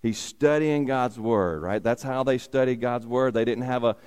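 A man's voice: medium pitch, moderate pace, a little mellow, smooth. A man preaching a sermon as a pastor, repeating key phrases for emphasis and asking rhetorical questions. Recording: long hall reverb.

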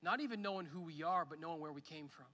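A man's voice: fairly high pitch, fast, pushed and bright, big-room sound. A man in his thirties preaching a sermon at church, conversational, with fillers. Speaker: pastor. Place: church hall.

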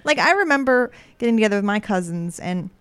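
A woman's voice: medium pitch, expressive, fast talker, fairly bright tone, clear, resonant tone, no room sound. A woman in her thirties co-hosting a podcast, chatting casually and laughing often as she tells stories. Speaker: podcast co-host. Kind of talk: casual chat.

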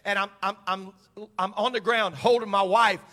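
A male pastor preaches to his church. His voice sits high and rings bright. He drops to near-quiet storytelling, then climbs to shouted, fervent climaxes. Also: steady tone, moderate pace. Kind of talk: sermon. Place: church sanctuary.

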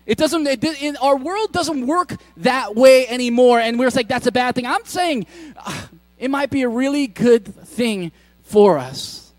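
A middle-aged pastor giving a relaxed, conversational sermon to his church, with joking asides and frequent restarts. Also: very high-pitched, measured pace, no room sound, faint music behind.

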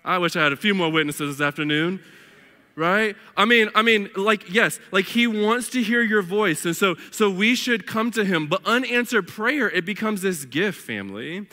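Man, pastor, preaching, high pitch, emphatic, casual asides, echoing sanctuary. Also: animated, normal speed, pushed and bright. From northern United States. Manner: emphatic preaching, addresses the congregation as beloved and family; casual asides with slang and humor. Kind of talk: sermon. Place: church sanctuary. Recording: long hall reverb.

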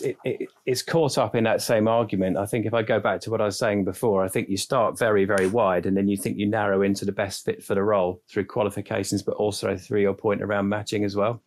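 Fast-talking low-voiced man. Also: darkish tone. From London or the South East. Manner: quick, conversational, uses tag questions. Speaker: panel guest. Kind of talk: casual panel discussion.

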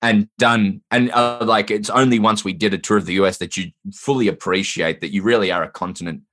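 A man's voice: fairly low pitch, steady tone, brisk, fairly bright tone. An Australian man, a comedian guest on a podcast, explaining things in an easygoing, thoughtful way. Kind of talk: casual chat.

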